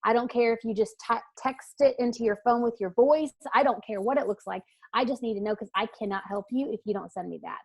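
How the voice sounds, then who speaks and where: A woman's voice: fairly high pitch, brisk, creaky, few pauses, a little mellow. A woman weight-loss coach answering interview questions in a casual, earnest, emphatic way, with frequent fillers and restarts.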